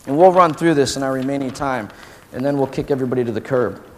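A man in his forties preaching a casual, slangy sermon to college students, animated and full of "dude" and "man". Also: medium pitch, quick pace, a little hiss or hum. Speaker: pastor. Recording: long hall reverb.

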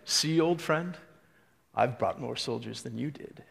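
A man's voice: mid-range voice, measured pace, vocal fry, fairly bright tone, in a large hall. A man voicing a proud, stern Spartan king who commands and rallies his warriors. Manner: commanding, bellowing at his troops.

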